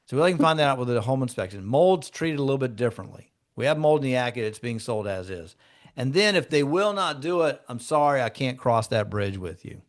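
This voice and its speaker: Conversational man teaching a room of agents. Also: medium pitch. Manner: conversational, acts out client dialogue in shifting tones. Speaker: real estate broker leading a training session. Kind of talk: instructive storytelling to a group.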